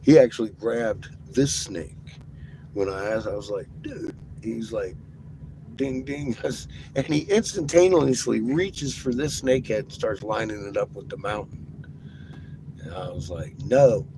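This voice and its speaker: Excitable profane man, noisy background. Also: lowish voice, a little slow. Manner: excited, profane, laughing often. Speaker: vlogger. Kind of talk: rambling casual vlog talk. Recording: noisy, with vehicle ambience.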